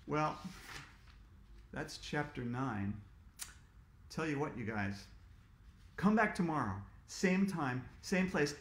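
A man's voice: on the high side, expressive, slow, long pauses. Playful man reading a story aloud. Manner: playful, teasing. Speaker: author reading his book to children. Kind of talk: storytelling read-aloud for kids. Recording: roomy echo.

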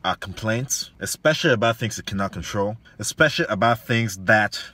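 A man's voice: on the low side, lively intonation, fairly quick, sharp tone, husky. A man, an online fitness coach, giving a preachy motivational monologue full of repeated lines, slang and rhetorical questions.

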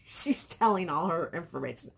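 Husky chatty woman vlogger. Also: fairly low pitch, lively intonation, moderate pace. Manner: chatty, rambling, reads viewer comments aloud. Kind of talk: casual chat.

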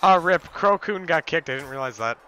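A man's voice: fairly high pitch, lively intonation, fairly quick, sharp tone. A young man hosting a gameplay session, chatting casually and giving mock-heroic king speeches to his team between bursts of swearing. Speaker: gaming channel host.

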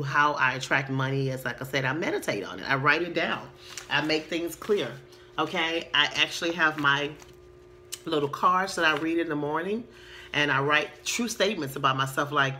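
A woman who works as a therapist, casually teaching about the law of attraction and reading affirmations slowly and earnestly. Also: sits low, pushed and bright, a little hiss or hum. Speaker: sex therapist and spa owner. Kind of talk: casual spiritual teaching to camera.

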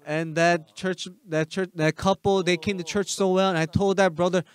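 Emphatic preaching man, higher-pitched. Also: level tone, normal speed, smooth. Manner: emphatic, asks the congregation rhetorical questions; swings between loud urging and soft asides. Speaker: pastor. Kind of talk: sermon.

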